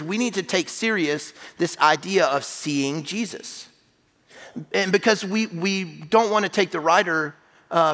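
A man preaching in a church, his voice bright and forceful and fairly high for a man. He talks in a conversational, emphatic way, often restarting a phrase. His words ring out with a long reverb around them. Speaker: pastor. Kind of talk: sermon. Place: church sanctuary.

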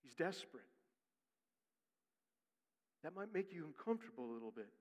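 A man's voice: on the high side, very animated. Man preaching with rising, dramatic swings. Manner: swings from quiet, quick asides to loud, rising emphasis. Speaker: pastor. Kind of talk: sermon. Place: church sanctuary. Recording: long reverb of a church hall.

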